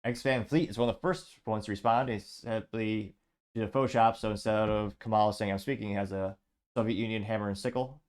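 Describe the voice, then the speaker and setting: Male host, lowish voice, wry sarcastic commentary over read-out comments. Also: steady tone, brisk. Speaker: podcast host. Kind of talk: political commentary reading social media replies.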